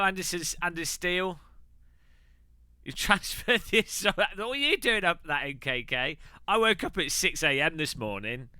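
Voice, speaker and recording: A man's voice: fairly high pitch, sharp tone, clean tone, no room sound. A man chatting casually and rambling on a live stream while sim racing. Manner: chatty, rambling, quick asides.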